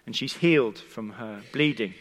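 A man's voice: mid-range voice, moderate pace. A man preaching a sermon, telling the story conversationally and speaking directly to the congregation. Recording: long hall reverb.

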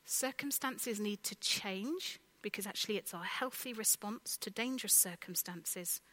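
A woman's voice: medium pitch, measured pace, poor audio. A woman preaching a conversational sermon and asking the congregation direct questions. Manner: conversational, lively, asks the listeners direct questions.

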